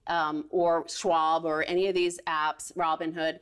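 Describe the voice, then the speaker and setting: A woman's voice: sits low, level tone, measured pace, clean tone. A woman co-hosting a financial talk show, chatty and rambling, often laughing as she talks. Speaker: co-host.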